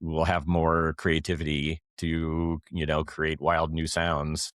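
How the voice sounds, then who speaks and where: A man's voice: a bass voice, completely flat delivery, takes it slowly, a bit bright, dry recording, clean studio sound. A man hosting an interview, asking long, hesitant, rambling questions. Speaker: podcast host.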